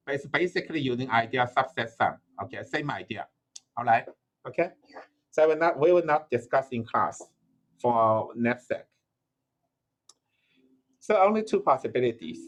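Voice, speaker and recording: The lecturer here has a mid-range, somewhat bright voice. Recorded mid-lecture, he thinks through a problem on the spot, full of "uh"s, false starts and self-corrections.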